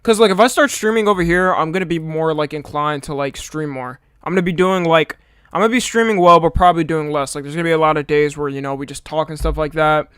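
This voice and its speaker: A man's voice: fairly high pitch, fast talker, hardly any pauses, fairly bright tone, clean tone, dry recording, clean studio sound. A young man streaming live, chatting casually and a little tired, swearing freely as he greets viewers by name.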